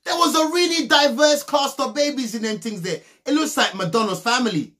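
A young man giving a comedic, mocking recap of a reality TV show, breaking into loud laughs. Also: normal speed, background noise. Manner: mocking, animated, bursts into loud high laughs.

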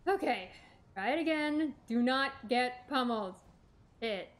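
Chatty young woman streamer, slightly high. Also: lively intonation, a little slow. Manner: chatty, self-talking, dramatic exclamations. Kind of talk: let's play commentary.

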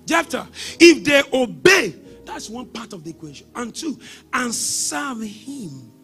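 A man preaching a sermon as pastor, shouting exhortations and breaking into sing-song lines. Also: extremely high pitch, sing-song, a little slow, slightly rough, soft background music.

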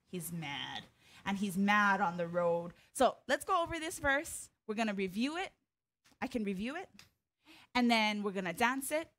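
A woman's voice: a little high, a bit bright. A woman teaching an online hula lesson, counting the beats, chanting cues and explaining moves in a friendly, joking way. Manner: friendly, explains with small jokes and laughs.

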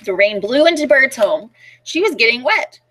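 Librarian lady doing storytime, sing-songy, high voice that swoops around. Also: normal speed, noisy background. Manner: animated, sing-song read-aloud with questions to kids. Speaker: children's librarian. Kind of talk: children's storytime reading.

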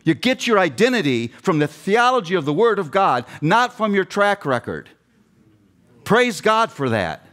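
A man's voice: high-pitched, very animated, moderate pace, fairly bright tone. A middle-aged man preaching a passionate sermon with emphatic repetition, addressing seminary students. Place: seminary chapel.

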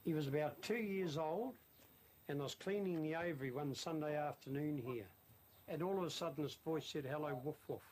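A slightly high-voiced man with a New Zealand accent talks in a folksy, chatty way about the bird he keeps. He is recorded outdoors at an aviary, with noticeable background noise and birdsong. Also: brisk, a little mellow, poor audio. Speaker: bird keeper. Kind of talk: casual outdoor interview.

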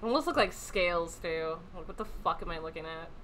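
A woman's voice: on the low side, slight background noise. A woman casually commenting on a video game she plays, swearing often and breaking into laughter. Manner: giggly, excitable, profane. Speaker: game streamer.

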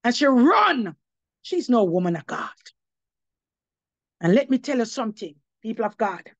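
Woman, testimony preaching, fairly high voice, dull dry lo-fi sound. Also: sing-song, normal speed, no echo. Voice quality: slips between English and patois, emphatic, rising to cries of praise. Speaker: apostle giving testimony.

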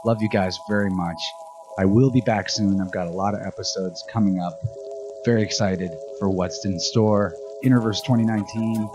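A man's voice: on the low side, steady tone, moderate pace, over music. A man hosting a podcast, chatting with listeners in an upbeat, casual way. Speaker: podcast host.

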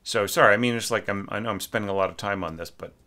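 A man with a low voice reviews a student's orchestration in a relaxed, casual way. He thinks aloud, stops and restarts, and sings little phrases to show the bowing. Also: quick pace. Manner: sings short phrases on nonsense syllables. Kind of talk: casual spoken critique.

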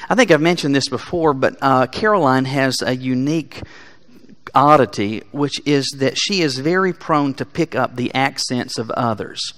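A man preaching a sermon in a church, speaking earnestly and building to emphatic peaks before dropping quiet. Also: mid-range voice, normal speed. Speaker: pastor. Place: church sanctuary.

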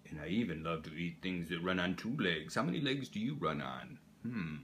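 An older man, a grandfather, reading a children's pop-up book aloud in a gentle, playful way. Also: sits low, expressive, brisk, few pauses. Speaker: storybook reader, grandfather.

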